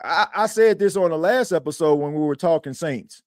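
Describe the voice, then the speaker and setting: A man's voice: fairly high pitch, a little fast, a little mellow, no room sound, clean studio sound. A man hosting a sports podcast in casual chat, rambling and slangy, repeating himself as he talks.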